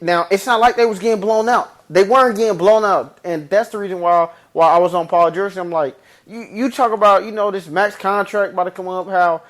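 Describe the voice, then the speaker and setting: A fairly high-voiced man talks sports on a podcast, getting animated as he makes his point. He repeats words and restarts sentences in loose, slangy talk. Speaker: podcast co-host. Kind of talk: casual sports chat.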